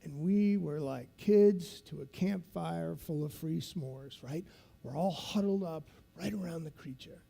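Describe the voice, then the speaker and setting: A man's voice: fairly high pitch, unhurried, vocal fry, mellow, breathy edge. A man in his fifties giving a motivational keynote, telling a vivid story and checking in with the audience as he goes. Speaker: keynote speaker.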